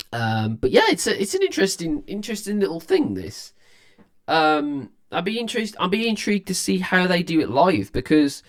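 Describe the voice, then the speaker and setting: A young man hosting a music reaction video, chatting casually and rambling with frequent restarts, sounding tired. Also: on the high side. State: tired, yawning.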